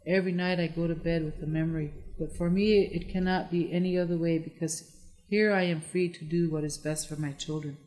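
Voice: mid-range voice, fairly even intonation, a little fast, darkish tone, natural voice. A narrator voicing Good Plume, a composed adult widow who leads her friends, speaking firmly. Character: calm, steady adult widow, a group leader. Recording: long echoey reverb.

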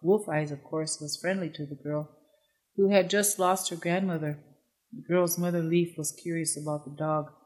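A narrator reading a storybook aloud in an even, unhurried way. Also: medium pitch, poor audio.

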